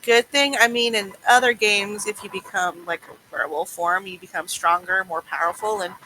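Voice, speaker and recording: A woman's voice: medium pitch, normal speed, bright, forceful tone, slight background noise, poor audio. A woman playing a tabletop game, giggly and eager. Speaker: player. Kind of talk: casual tabletop game chat.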